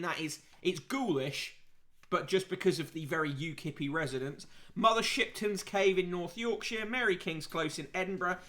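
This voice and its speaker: High, bright-voiced sarcastic male host. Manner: wry, sarcastic asides between readings. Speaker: podcast host reviewing print media. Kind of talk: casual read-aloud commentary.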